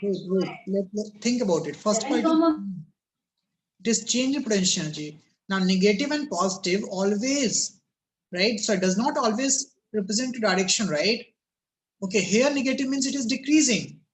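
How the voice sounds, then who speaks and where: A man's voice: high voice, animated, normal speed. A man teaching a physics class over a video call, his voice cracking, repeatedly asking students "yes or no?" and telling them to think about it.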